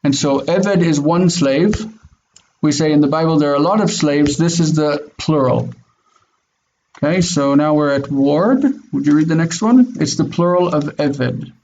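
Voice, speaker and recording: A man's voice: fairly high pitch, moderate pace, darkish tone. A man teaching Hebrew in an online class, patiently explaining and affirming students with frequent "mm-hmm"s. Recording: dull lo-fi audio with faint noise.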